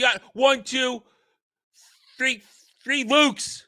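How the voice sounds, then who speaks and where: A man hosting a commentary show, ranting angrily and swearing, sometimes shouting. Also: fairly high pitch, big pitch swings, normal speed, long pauses. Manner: angry, profane, shouting rants. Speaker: show host.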